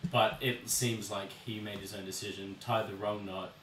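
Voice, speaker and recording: A laid-back young man with a lowish voice fills in story details in casual chat. He sounds off-mic, in a roomy, echoey space with faint background noise. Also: level tone, normal speed, a bit bright, distant mic. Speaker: podcast co-host.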